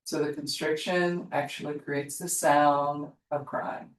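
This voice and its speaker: A woman yoga teacher giving slow, soothing guided instructions in an online class from her studio. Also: low-pitched, level tone. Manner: slow, soothing guidance with soft pauses. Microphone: distant laptop mic on an online class. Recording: roomy, distant sound from far off.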